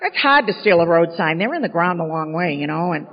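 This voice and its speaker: A woman's voice: on the low side, big pitch swings, a little fast. Woman speaker at a podium, frank, self-mocking storyteller, dull sound, long echoing hall. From Maine. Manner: candid, self-mocking storytelling, many "you know"s. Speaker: speaker sharing recovery story. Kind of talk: storytelling talk at a recovery gathering.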